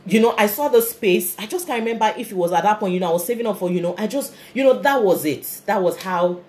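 A woman's voice: medium pitch, expressive, fast, darkish tone. A Nigerian woman in her thirties who runs a fashion business, giving earnest, motivational talk on a live stream and answering viewer comments. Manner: earnest and motivational, repeats key phrases.

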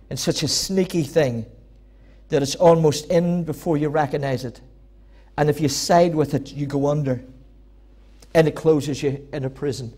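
A man preaching a church sermon, emphatic and repetitive, building to loud peaks. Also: fairly high pitch. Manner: emphatic, repeating phrases, rising to loud peaks. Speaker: pastor.

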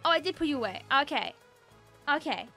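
A woman hosting a gaming channel, giving excitable, joking let's-play commentary and talking to the characters on screen. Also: high-pitched, a little fast, soft background music.

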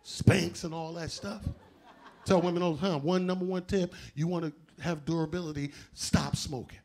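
A man doing a live stand-up set, loud and animated, shouting out punchlines and acting out other people's voices. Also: on the high side, normal speed. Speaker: stand-up comedian. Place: theater stage before a live audience.

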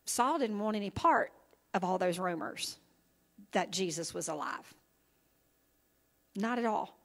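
A woman's voice: mid-range voice, measured pace, a bit bright. A woman pastor preaching an evening sermon in a conversational style, often checking in with her listeners. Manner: conversational preaching with frequent "okay?" and "right?" check-ins. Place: church sanctuary.

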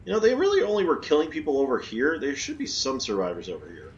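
A man's voice: on the high side, wildly swooping pitch, quick pace, highs cut off, a little hiss or hum. A man giving casual, joking let's-play commentary, sarcastic and full of swearing. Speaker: gameplay commentator.

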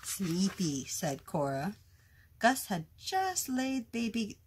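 A woman reading a children's picture book aloud, slow and expressive, giving the characters their own voices. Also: mid-range voice, husky. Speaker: storyteller.

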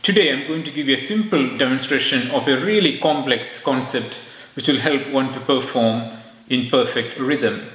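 A man teaching rhythm, explaining calmly and chanting rhythm syllables in time. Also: mid-range voice, normal speed. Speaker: music teacher. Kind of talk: rhythm lesson with spoken syllables. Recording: echoey room with clicking metronome.

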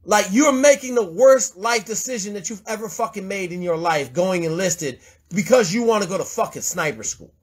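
Host, male, high and raspy, profane tough-love mentor, confrontational delivery. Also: lively intonation, moderate pace. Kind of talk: blunt profane mentoring rant.

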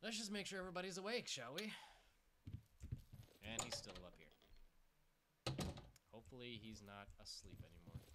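A man giving casual let's play commentary, joking and sarcastic, over loud background noise. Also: medium pitch, expressive, normal speed, long pauses. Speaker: gameplay commentator.

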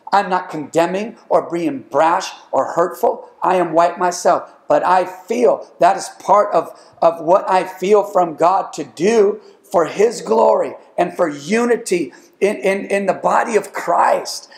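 A man's voice: sits high, a little slow, gravelly, hardly any pauses, echoey room. A man preaching a sermon as pastor, emphatic, with rising calls to the congregation. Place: church sanctuary.

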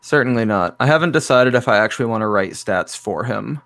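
A man guesting on an interview over a video call, explaining his game in a relaxed, easygoing way. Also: mid-range voice, fairly quick. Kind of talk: casual interview chat.

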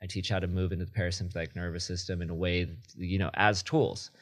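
A man's voice: low voice, little pitch movement, fast. A man speaking as a podcast guest, a yoga teacher talking reflectively and matter-of-factly in casual conversation. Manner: reflective, frequent restarts, matter-of-fact.

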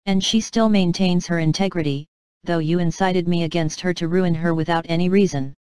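A woman voicing a loving fatherly king who speaks solemnly and gently in a storybook reading. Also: lowish voice, fairly even intonation, fairly quick, smooth, no echo, lightly acted. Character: loving fatherly old male king, grave and tender.

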